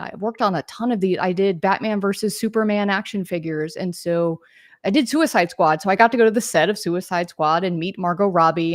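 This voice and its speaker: Chatty woman with a low voice. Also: no room sound, studio quality. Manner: chatty, rambling with tangents and fillers. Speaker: podcast guest, games marketer. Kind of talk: casual interview storytelling.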